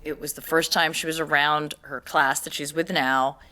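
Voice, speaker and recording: A podcast host tells a story in casual conversation, animatedly acting out the people she quotes. She has a low voice and speaks at a moderate pace.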